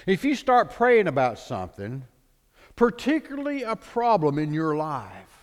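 Male pastor, lively and expressive delivery, higher-pitched, long hall reverb. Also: a little slow. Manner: dramatic preacher, voices the people in the stories. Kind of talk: sermon.

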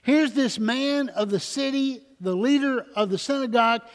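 An older man preaching a sermon in a church, rising loud then dropping soft, with questions to the congregation. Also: extremely high pitch, normal speed, in a large hall. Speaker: pastor. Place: church sanctuary.

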